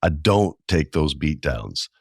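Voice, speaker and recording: A man's voice: extremely low pitch, sing-song, slow, breathy edge, no room sound, clean studio sound. A man in his forties hosting a solo podcast, telling stories in an enthusiastic, conversational way with slangy asides. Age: 40s. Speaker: podcast host. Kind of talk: casual solo podcast monologue.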